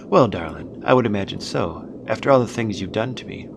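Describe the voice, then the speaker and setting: A man voicing a sultry, flirtatious woman in a horror game, with a soft, silky voice and a slight put-on Southern drawl. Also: fairly low pitch, expressive, creaky. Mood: seductive. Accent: light put-on Southern drawl. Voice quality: soft, silky, drawn-out "darling". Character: sultry, teasing woman, flirtatious then businesslike. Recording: noisy background.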